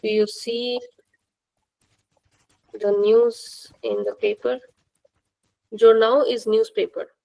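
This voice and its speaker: A woman teaching a language class, speaking slowly and patiently and repeating words for her students. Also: fairly high pitch, vocal fry, mellow, rough recording.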